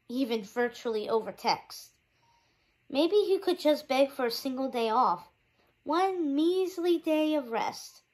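Teacher narrating a kids' chapter book, expressive, slightly high voice. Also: female voice, low-quality recording. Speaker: teacher reading aloud. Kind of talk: children's book read-aloud.

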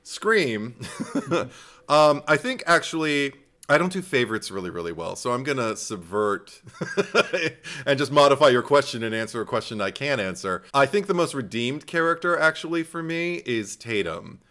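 A man with a bright, forward-placed voice, co-hosting a casual podcast. He is an animated storyteller who laughs often. He sits mid-range in pitch. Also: normal speed. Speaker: podcast co-host. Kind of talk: casual chat.

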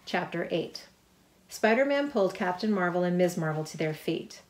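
A middle-aged author with a fairly low voice reads her own picture book aloud to children at a normal speed. She reads in a lively, chatty way, breaking off for asides that point out the pictures. A little hiss or hum can be heard.

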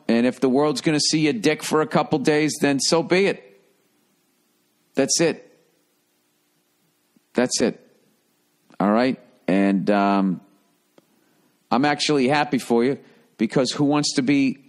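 A man with a mid-range voice hosts a comedy podcast, speaking at a measured pace with long pauses. He reads listener letters aloud and hands out blunt advice, wandering into profane, rambling, sarcastic asides.

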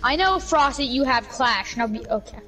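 A woman gaming YouTuber in casual gameplay banter, jokey, excitable and rambling. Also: high-pitched, fairly quick, soft background music, rough recording.

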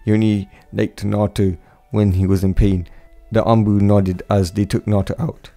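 Low, dark-voiced man reading a fan story. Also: level tone, moderate pace, soft background music. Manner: unpolished reading with slips and restarts. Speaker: narrator. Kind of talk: amateur fan fiction reading.

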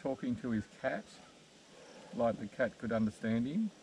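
Gravelly Aussie man telling dry jokes. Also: medium pitch, animated, moderate pace, a little mellow, poor audio. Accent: Australian. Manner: easygoing, dry humour. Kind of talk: casual chat, joke telling. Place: small boat on a tidal creek. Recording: outdoors with noise.

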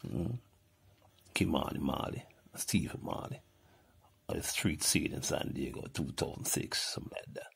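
An older man with a Jamaican accent in a heated, profane, animated rant that jumps between topics. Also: rumbling low, unhurried, gravelly, long pauses, slightly rough.

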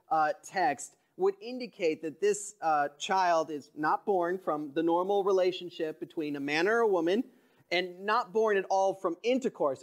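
A man preaching a sermon in a church, talking in an earnest, conversational way that often drops to a soft, quiet voice. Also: high-pitched. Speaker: pastor.

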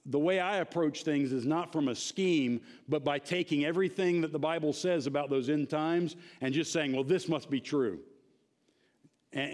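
A man's voice: on the high side, darkish tone. A man teaching a church Bible class in a conversational, emphatic way, often checking in with his listeners.

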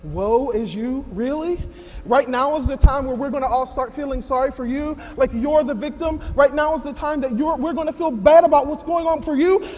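A man's voice: extremely high pitch, normal speed, darkish tone, in a large hall, a little hiss or hum. A man acting a stern lecturer in a church skit, preachy and scolding, with a sarcastic edge.

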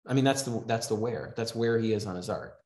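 A man's voice: on the low side, brisk, darkish tone. A man teaching a writing class in a casual, conversational way, often checking in with "right?". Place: class in a house. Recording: echoey room.

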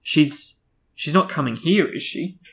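A man reading aloud and voicing a resentful thirteen-year-old boy who answers back bitterly, raising his pitch for the part. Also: a little slow, a bit bright. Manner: bitter, tense.

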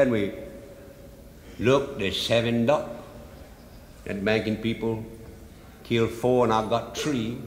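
Man, live comic yarn-spinner, drawled punchlines, echoey hall, faint stage hum. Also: medium pitch. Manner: folksy dialect, drawls out punchlines. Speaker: humorist storyteller.

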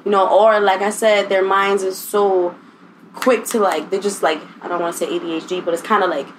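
A woman's voice: medium pitch, brisk, a little hiss or hum, poor audio. Slangy young woman from Upstate New York. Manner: slangy, laughs often, animated. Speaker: podcast guest, singer. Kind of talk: casual chat.

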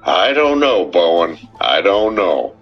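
A man's voice: deep voice, animated, takes it slowly, breathy edge, voice pushed up, exaggerated voice. A male narrator voicing a shaken sheriff who stammers and breaks off as he speaks. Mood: distraught. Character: shaken middle-aged sheriff, distraught and faltering. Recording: dull, muffled recording with faint music.

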